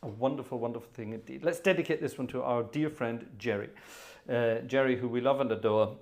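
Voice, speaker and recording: A man's voice: mid-range voice, fairly quick. A man hosting a live organ music stream, chatting casually between pieces in a jovial, rambling way with chuckling asides, in a hot indoor room. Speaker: organist and livestream host.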